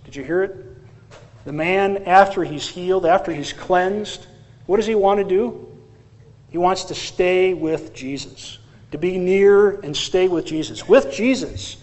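A man preaching a sermon as pastor, animated and asking the congregation questions. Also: high-pitched, a little slow.

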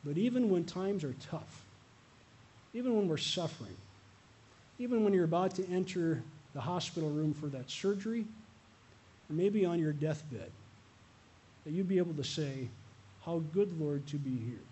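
A man's voice: a little high, lively intonation, moderate pace, long pauses, dark tone, slightly rough. A male pastor preaching a sermon, earnest and repeating a refrain, with light asides to the congregation. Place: church.

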